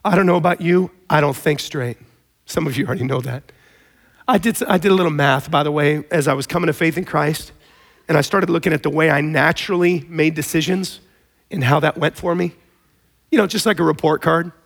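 A man preaching a sermon in a conversational, storytelling way, with animated emphasis. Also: fairly high pitch, fairly quick, vocal fry. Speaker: pastor.

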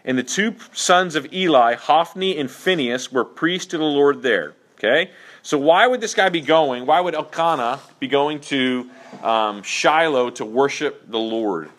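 Bright-voiced man teaching a Bible class. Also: fairly high pitch, expressive, measured pace. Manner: conversational, many fillers and check-in okays.

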